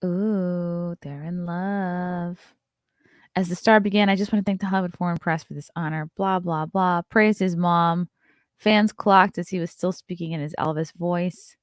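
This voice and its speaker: Woman morning host, lower voice, chatty and sarcastic, dry close mic. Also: steady tone, no echo. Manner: chatty and wry, quick asides. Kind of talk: casual commentary reading celebrity news.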